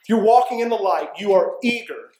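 A man delivers a sermon in an earnest, conversational way, with a fairly high voice for a man. He often pauses to check in with his listeners. The sound is roomy and echoey. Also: darkish tone. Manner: earnest, conversational preaching with frequent "right?" asides. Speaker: pastor.

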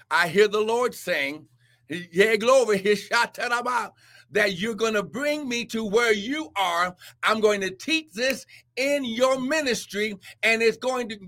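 High-voiced man preaching with whoops. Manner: shouts and whoops, repeats "listen" and "high glory". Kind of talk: charismatic sermon with prophecy.

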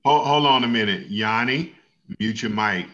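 A man teaching an online Bible class, speaking slowly and patiently and asking the class questions. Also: fairly low pitch, noisy background. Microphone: video call. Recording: dull lo-fi video call audio.

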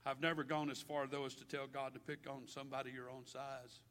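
A male pastor preaching a sermon with passion, his delivery swinging from loud declarations to hushed, quiet stretches. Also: mid-range voice, level tone, fairly quick. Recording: long hall reverb.

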